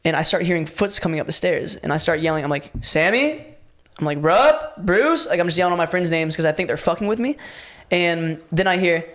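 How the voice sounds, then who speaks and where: A young man, a podcast co-host, telling a story in casual chat, animated and profane. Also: on the high side, quick pace, hardly any pauses.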